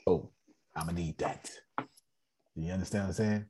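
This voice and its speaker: A man's voice: sits low, steady tone, normal speed, mellow, slight background noise. A man hosting an online business meeting, giving a casual motivational talk, repeating himself and often checking that listeners understand.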